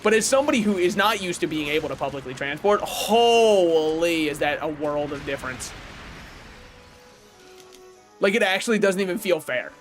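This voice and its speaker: A young American man chatting casually while streaming a game, rambling and correcting himself with sudden excited outbursts. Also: fairly high pitch, normal speed, faint music behind. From United States. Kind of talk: casual gaming livestream chat.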